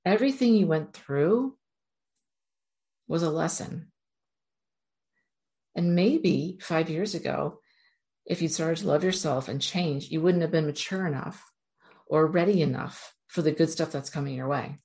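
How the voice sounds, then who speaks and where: A woman's voice: low-pitched, measured pace, long pauses, warm tone. A woman giving an earnest, encouraging motivational talk, speaking straight to her viewers. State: near tears at moments. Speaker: self-help speaker.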